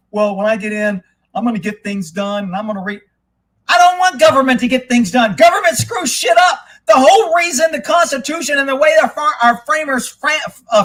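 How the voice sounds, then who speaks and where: A man hosting a live talk stream, ranting about politics in a fired-up, swearing way and shouting when worked up. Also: high-pitched. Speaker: livestream host.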